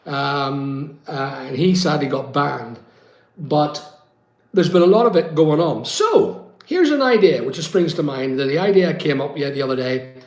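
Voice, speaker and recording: A man's voice: on the high side, lively intonation, unhurried, darkish tone. Rambling chatty man, echoey room. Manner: rambling, reads viewer comments aloud. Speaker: live-stream host. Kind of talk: casual live-stream chat.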